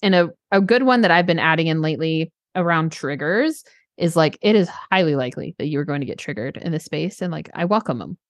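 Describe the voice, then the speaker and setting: A woman co-hosting a coaching podcast, talking in an earnest, animated way and acting out little quotes. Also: deep voice, a little fast, dry recording. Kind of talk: casual podcast conversation.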